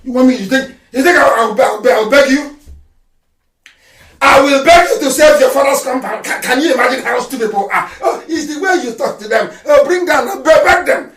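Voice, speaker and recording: A man delivers a fiery radio address, shouting, mocking and scolding. His voice sits high. It comes through echoey and distant, well off the mic. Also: brisk, hardly any pauses. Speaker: political activist broadcaster.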